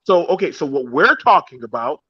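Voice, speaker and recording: A man in a heated live-stream debate who speaks haltingly and emphatically, with many restarts. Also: on the high side, expressive, slightly rough, no room sound, muffled recording.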